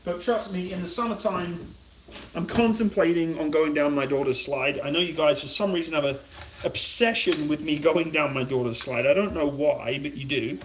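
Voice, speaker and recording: A man's voice: fairly high pitch, normal speed, roomy sound, far from the mic, a little hiss or hum, rough recording. A British man chatting casually to his livestream viewers while cooking in his home kitchen, rambling from topic to topic. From Britain. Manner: rambling, chatty, reads viewer comments aloud.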